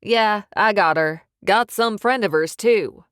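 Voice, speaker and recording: A woman's voice: medium pitch, takes it slowly, fairly bright tone, clear, resonant tone, no echo, studio quality. Woman voicing a blunt young henchman.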